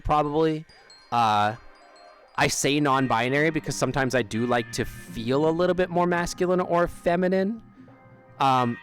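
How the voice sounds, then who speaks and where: A man's voice: medium pitch, fairly bright tone. A man chatting casually on a live stream while sitting outdoors, rambling, trailing off mid-sentence and laughing often. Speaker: livestreamer. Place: outdoors near an amphitheater.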